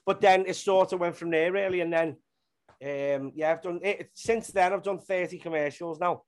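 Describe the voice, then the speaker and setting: A man tells rambling stories in a relaxed interview. He swears freely and keeps the tale moving. His voice sits a little high for a man. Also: normal speed. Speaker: actor and comedian guest. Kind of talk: casual interview chat.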